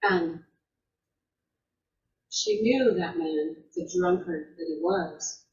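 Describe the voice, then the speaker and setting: A woman storyteller retelling a folktale in an unhurried way, repeating words and restarting phrases as she goes. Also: on the low side, darkish tone. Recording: roomy, distant, dull lo-fi sound.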